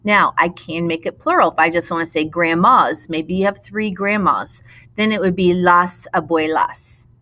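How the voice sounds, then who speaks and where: Bright-voiced woman teaching a lesson. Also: lowish voice. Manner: patient, explanatory, slows down to model Spanish words. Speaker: Spanish teacher. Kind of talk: recorded classroom lesson narration.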